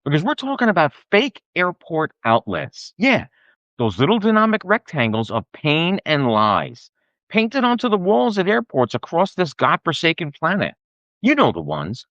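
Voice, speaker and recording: Male podcast host, sarcastic profane rant, slightly high pitch, dry close-miked sound. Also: huge pitch swings, moderate pace, a bit bright, dry recording, highs cut off. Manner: exasperated, sarcastic and profane ranting. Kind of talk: comedic rant.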